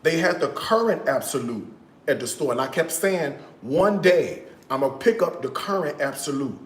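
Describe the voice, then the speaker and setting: A lively man talks to his livestream viewers while he cooks at home, his pitch sitting a touch high and jumping around a lot as he speaks. He keeps it casual and animated, sometimes sliding into a hushed, sing-song delivery. The kitchen is echoey, with a faint hum of room noise behind him. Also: normal speed. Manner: chatty and animated, talks straight to viewers with frequent asides; slips into hushed, half-sung tones now and then. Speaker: cooking livestream host.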